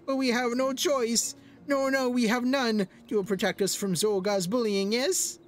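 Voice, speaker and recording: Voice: medium pitch, steady tone, moderate pace, faint music behind, voice pushed up, close to an everyday voice. A gamer voicing a small, fretful kobold elder in a let's play, stacking up anxious words in threes. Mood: fearful wailing. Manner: repeats words in anxious triplets.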